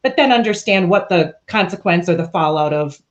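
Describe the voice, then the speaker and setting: A woman's voice: lowish voice, animated, brisk, muffled recording. A woman speaking as a panelist, candid and questioning, often checking in with "right?". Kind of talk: reflective panel discussion.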